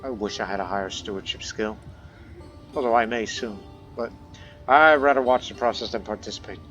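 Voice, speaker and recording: A man's voice: fairly low pitch, fairly quick, a bit bright. Man narrating a strategy game playthrough. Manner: reads event text aloud in first person, then muses. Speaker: gameplay commentator. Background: faint background music.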